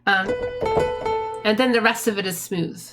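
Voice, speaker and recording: A woman's voice: mid-range voice, measured pace. A woman breaking down song melodies in a casual music theory talk, humming phrases to show them. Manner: hums and sings melody lines to explain them. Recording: music playing loudly behind the voice. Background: guitar music.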